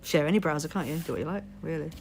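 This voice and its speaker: A woman's voice: low voice, rapid-fire, darkish tone, slight background noise. A woman from Leeds, England with a posh English accent, chatting on a live stream and telling rambling stories full of swearing. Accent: posh southern English. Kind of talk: casual chat.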